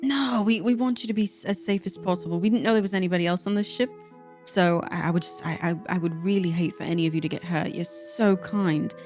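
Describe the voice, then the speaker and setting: A woman's voice: fairly low pitch, fast, darkish tone, faint music behind. A woman playing a tabletop role-playing game, polite and slightly flustered. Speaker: player.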